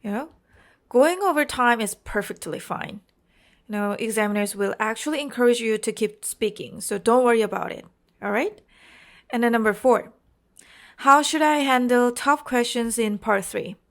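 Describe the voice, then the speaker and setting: Her voice fairly high and her speed normal, a Korean-accented woman leads an IELTS prep class. She walks through the material carefully, often adding "okay?" and "you know" to check in.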